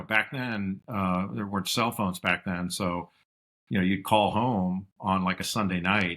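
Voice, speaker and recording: A middle-aged man telling stories as a podcast guest, reflective, and lively when he quotes his father. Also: sits low. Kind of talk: casual interview storytelling.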